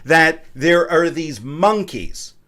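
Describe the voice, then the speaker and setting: A man co-hosting, stammering and telling absurd stories with a deadpan edge. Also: a little high, slow pace. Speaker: co-host. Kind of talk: comedic banter.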